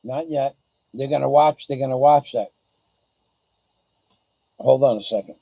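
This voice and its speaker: A man's voice: medium pitch, measured pace, gravelly, dark tone, no room sound, rough recording. A man hosting a casual livestream, talking bluntly and boastfully in a rambling way. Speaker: livestream host. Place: the Philippines.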